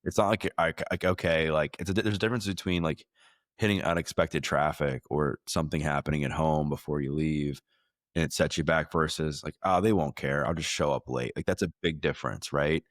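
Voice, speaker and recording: A man hosts a podcast in a loose, rambling way, circling back with restarts and fillers. His voice is extremely low. The sound is dry and close. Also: fairly even intonation, a little fast, no echo. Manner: rambling, many likes and restarts. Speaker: podcast host. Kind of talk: casual interview chat.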